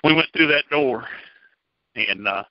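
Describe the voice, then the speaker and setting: A man's voice: medium pitch, expressive, unhurried, dry recording. A middle-aged man giving a personal testimony to a church group in a folksy, plainspoken storytelling manner. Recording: dull, dry lo-fi recording.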